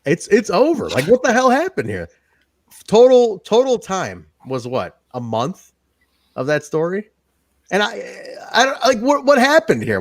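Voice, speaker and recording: Animated ranting man, dry close sound. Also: high voice, dry recording. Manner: animated, ranting, swears freely. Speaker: podcast co-host. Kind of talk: casual wrestling review chat.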